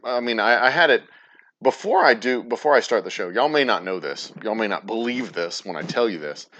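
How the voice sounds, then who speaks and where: Man, low-pitched, rambling and profane, dull lo-fi stream sound. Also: lively intonation, a little fast, fairly bright tone, slight background noise. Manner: rambling, profane, stumbles and restarts often. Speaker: host of a distillery livestream. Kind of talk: casual livestream chat. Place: room in his distillery. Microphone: plugged-in mic at the desk.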